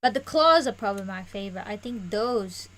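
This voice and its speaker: A woman's voice: mid-range voice, animated, fairly quick, a bit bright, low-quality recording. A woman co-hosting a live stream, reading out painting notes and chatting enthusiastically. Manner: reads painting notes, then chats enthusiastically. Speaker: co-host reading out hobby submissions. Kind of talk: casual chat on a live stream.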